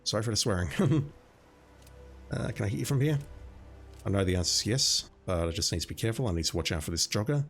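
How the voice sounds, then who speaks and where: A man's voice: fairly low pitch, animated, quick pace, long pauses, breathy edge. A man with an Australian accent chatting casually with his viewers while playing a game, self-deprecating and talkative. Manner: chatty, self-deprecating, talks to chat by name. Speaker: streamer. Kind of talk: casual gameplay commentary.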